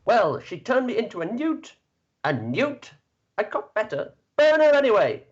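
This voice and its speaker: A man putting on a shrill shouting village peasant. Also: very animated, a little slow, lo-fi sound. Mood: shrill accusing. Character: shrill shouting male peasant in a witch-hunting mob.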